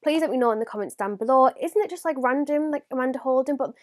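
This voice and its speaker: A young woman talks through a makeup unboxing. She sounds gushing and excitable, slipping into hushed whispers and gasps, in a slightly high voice. The recording is dry and close, with no room echo. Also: fast talker. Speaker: beauty vlogger. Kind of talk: casual unboxing vlog.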